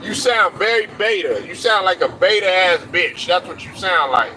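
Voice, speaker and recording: A man's voice: high voice, expressive, normal speed, sharp tone, rough recording. A man hosting a sports show, delivering a blunt, profane, preachy rant with faint traffic noise around him. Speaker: sports commentary host.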